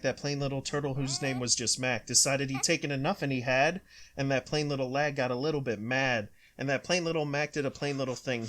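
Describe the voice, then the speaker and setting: A man, a father, reading a rhyming picture book aloud with a steady rhythm. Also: medium pitch, slight background noise.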